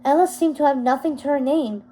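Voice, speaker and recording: A woman reading a novel aloud as narrator, steady and unhurried, now and then correcting a word. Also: high voice, rough recording.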